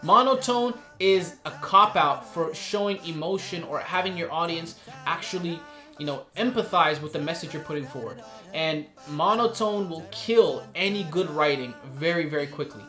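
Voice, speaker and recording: A man giving a casual lesson on performing poetry, animated and showing the delivery he describes. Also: on the high side, roomy sound, soft background music. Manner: animated, demonstrates voices and pauses. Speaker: spoken word poetry teacher.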